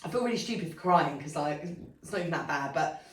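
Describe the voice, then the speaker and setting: A woman's voice: deep voice, animated, fast talker. Sweary young woman, roomy distant sound. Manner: candid, sweary storytelling full of "like". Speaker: podcast co-host. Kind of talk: casual chat.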